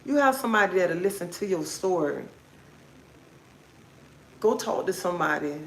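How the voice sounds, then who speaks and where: A woman's voice: on the low side, lively intonation, moderate pace, creaky, roomy sound, a little hiss or hum, low-quality recording. A woman hosting a livestream, giving a repetitive, preachy, encouraging motivational talk. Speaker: livestream host.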